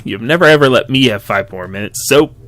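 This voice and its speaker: A man's voice: medium pitch, animated, brisk, fairly bright tone, lightly acted. A man voicing a teasing, upbeat teenage daughter in his own voice, reading game dialogue lightly.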